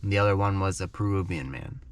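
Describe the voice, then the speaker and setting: Guy with a lowish voice telling a creepy jungle story slowly for english learners, keeps saying okay?. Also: clear, resonant tone. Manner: dramatic storyteller who keeps checking in with "okay?". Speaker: English teacher. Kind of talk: storytelling lesson in simple English.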